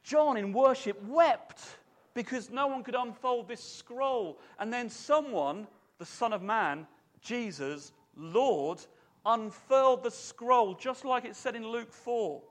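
A man with a high, light voice, delivering a sermon in a church. He talks in an animated, conversational way and turns to put questions to the people in front of him. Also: takes it slowly. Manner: animated, chatty, asks the congregation questions. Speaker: preacher.

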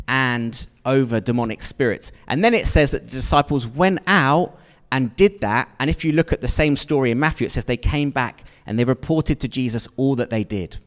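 A man preaching a sermon to a congregation, chatty and questioning, often checking in with his listeners. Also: a little high. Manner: conversational, asks the congregation questions. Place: church hall with long reverb. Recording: long hall reverb.

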